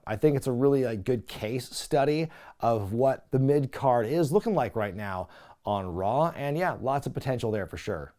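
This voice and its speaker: A man hosting a casual wrestling recap, talking in an animated, chatty way with lots of filler words. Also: medium pitch. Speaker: wrestling recap podcast host.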